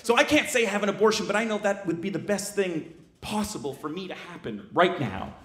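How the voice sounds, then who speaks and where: A man doing stand-up comedy, telling a story in a brash, animated, self-mocking way. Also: sits high, brisk, reverberant.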